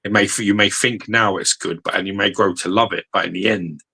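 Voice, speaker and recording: A man's voice: deep voice, steady tone, fairly quick, vocal fry, bright, forceful tone, breathy edge, low-quality recording. A man chatting casually on a podcast, retelling a story loosely with lots of swearing. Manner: loose and sweary, with many fillers. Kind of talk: casual chat.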